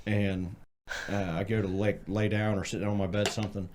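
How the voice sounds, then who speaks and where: A man's voice: lowish voice, flat delivery, fairly quick, noisy background. A young man in his twenties, a podcast co-host, telling a story in casual chat with lots of swearing and laughter.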